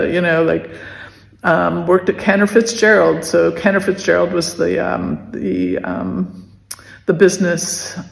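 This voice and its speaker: Halting, gravelly-voiced woman in an echoey room. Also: fairly low pitch. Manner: halting, with many restarts and pauses; soft, emotional delivery. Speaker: podcast host telling her story. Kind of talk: personal recollection. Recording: echoey room with long reverb.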